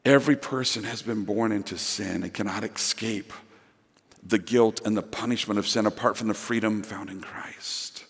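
A man's voice: on the low side, fairly even intonation, moderate pace, husky, in a large hall. A male pastor preaching a sermon earnestly, with emphatic repetition, to a church congregation. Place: church sanctuary.

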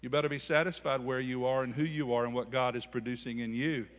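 A man's voice: medium pitch, fairly even intonation, fast, big-room sound. A man preaching a sermon with call-and-response, speaking. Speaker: pastor.

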